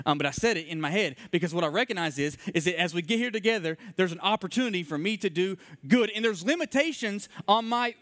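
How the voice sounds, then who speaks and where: A man's voice: high-pitched, fast talker, hardly any pauses, a bit bright, no room sound, studio quality. A man in his thirties preaching a conversational sermon in a church room, earnest and repeating his key phrases, telling stories from his own life. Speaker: pastor.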